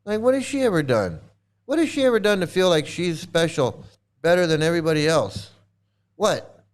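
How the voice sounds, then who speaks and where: A man's voice: a little high, sing-song, moderate pace. A man ranting in angry commentary as a former member, profane and repetitive, restarting his sentences.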